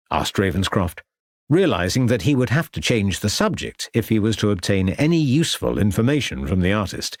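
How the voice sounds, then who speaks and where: A man reading a crime audiobook in a measured, descriptive way. His voice is low and husky, and it moves through a wide, expressive pitch range. The recording is dry and close. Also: no room sound. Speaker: audiobook narrator. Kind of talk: scripted narration.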